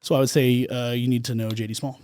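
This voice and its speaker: A Texan man with a mid-range voice talks fast and easygoing as a podcast guest. His voice sounds close and dry, with no room echo. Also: mid-range voice, little pitch movement, a little mellow, smooth. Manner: quick, easygoing, chatty. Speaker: podcast guest, real estate agent. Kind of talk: casual interview chat.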